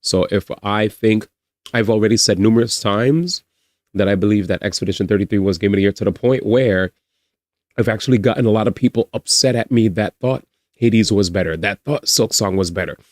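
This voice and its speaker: A man's voice: fairly low pitch, fairly quick, no room sound, clean studio sound. A young man streaming live, chatting casually with his viewers, laughing often and swearing as he reacts. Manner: animated, laughs often, swears, talks back to chat.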